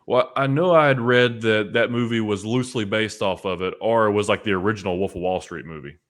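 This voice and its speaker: A man hosting a casual interview, asking relaxed, open questions. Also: on the low side, fairly quick. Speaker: podcast host.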